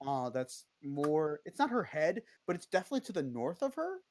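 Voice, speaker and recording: A game master narrating a tabletop game in a relaxed, hesitant way, with many fillers. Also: medium pitch, a little fast.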